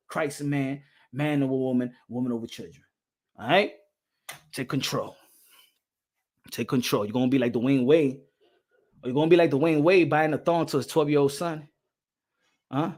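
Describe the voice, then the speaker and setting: A man's voice: fairly high pitch, darkish tone, slightly rough. A man hosting a boxing channel, talking in a casual, rambling way, laughing often and dropping slang and Spanish phrases.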